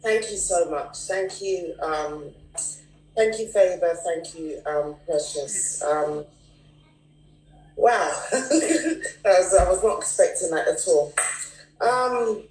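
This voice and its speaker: A woman's voice: lowish voice, takes it slowly, long pauses, a little mellow, far from the mic, a little hiss or hum. A woman speaking as a guest on a video call from home, reflective and full of fillers. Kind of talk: personal testimony on a video call. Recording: echoey room.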